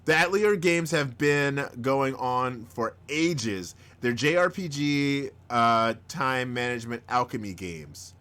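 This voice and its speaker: A man hosting a live stream in casual chat, rambling, chuckling often and bursting into excited outbursts. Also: mid-range voice, slow pace, few pauses. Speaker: host of a live-streamed show.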